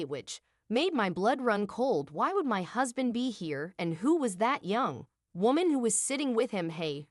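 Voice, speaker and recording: Woman, storyteller, emotional narration, animated pitch, dry close sound. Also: no echo. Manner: emotional, dramatic, rhetorical questions. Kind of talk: first-person drama story narration.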